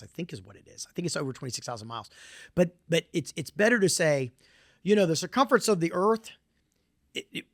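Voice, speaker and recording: A man's voice: on the high side, gravelly, fairly bright tone, dry recording, clean studio sound. A middle-aged man with a Southern US accent, giving a conference presentation in an emphatic, repetitive way with folksy asides.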